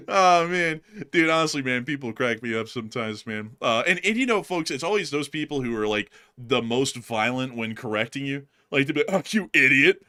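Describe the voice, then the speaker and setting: A man's voice: mid-range voice, fairly quick, hardly any pauses, bright, forceful tone. A man hosting a casual war-news commentary stream, chatty and rambling, laughing often. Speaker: host.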